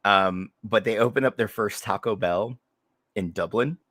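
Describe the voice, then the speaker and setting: A man from Northeast Ohio trades barbs on a casual podcast. His tone is bright and forceful, and he is quick to swear for effect. The sound is close-miked and dry. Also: on the low side, no echo. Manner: emphatic, profane, argumentative. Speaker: podcast co-host.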